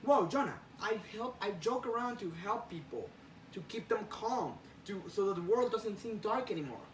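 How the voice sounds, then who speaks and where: Brief: man putting on a young masked hero, higher voice, exasperated and defensive, echoey, mic at a distance. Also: lively intonation, normal speed, a little hiss or hum. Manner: pleading, exasperated. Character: joking young male masked superhero, defensive. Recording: roomy sound, far from mic.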